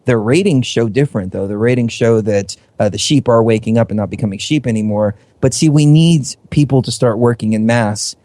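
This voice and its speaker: A man, a guest on a talk radio show, making an earnest, steady argument. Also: mid-range voice, fairly quick, hardly any pauses, no room sound. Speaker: fellow radio host, guest. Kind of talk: casual talk radio chat.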